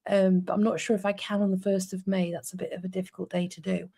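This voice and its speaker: She's a livestream co-host in her forties from North East England, chatting casually with viewers and laughing often. A fast talker, she has a medium-pitched voice with little pitch movement, a gravelly, mellow quality, and a breathy edge.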